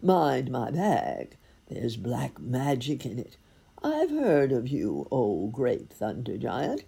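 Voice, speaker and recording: A woman voicing a calm, resourceful male cat who poses as a grand wizard, speaking slowly and impressively. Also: extremely low pitch, creaky, slightly rough, exaggerated voice. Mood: calm, crafty. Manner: measured, impressive, slow.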